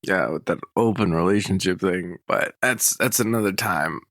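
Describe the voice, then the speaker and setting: A man's voice: low voice, lively intonation, a little slow, fairly bright tone, no room sound, studio quality. A young man, a podcast co-host, telling stories in a casual, chatty, rambling way with lots of "like". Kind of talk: casual storytelling.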